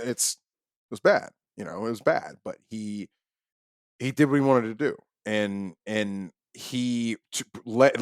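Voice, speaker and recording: A man co-hosting a college football podcast in a relaxed, wry manner, jumping in with quick quips. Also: medium pitch, dry recording, studio quality. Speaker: podcast co-host. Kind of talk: casual sports podcast talk.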